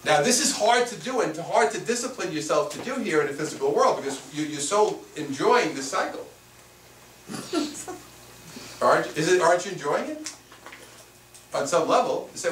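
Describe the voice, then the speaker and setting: A man's voice: a little high, sing-song, a little fast, pauses often, fairly bright tone. A man teaching a workshop to a live audience as a spiritual teacher, repeating his points and asking rhetorical questions. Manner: repetitive, asks rhetorical questions. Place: room with a small live audience. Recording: echoey room, mic far off, faint noise.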